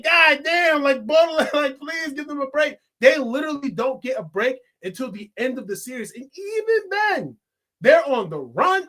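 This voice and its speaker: A man reviewing a movie in a casual, excitable vlog, swearing and laughing often. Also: very high-pitched.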